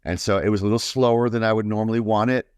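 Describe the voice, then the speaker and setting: A man from New York with a deep baritone voice talks about music as an interview guest. He rambles with lots of fillers and enthusiasm. The sound is dry and close. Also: fairly even intonation, racing, darkish tone, clean tone, dry recording. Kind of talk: casual interview chat.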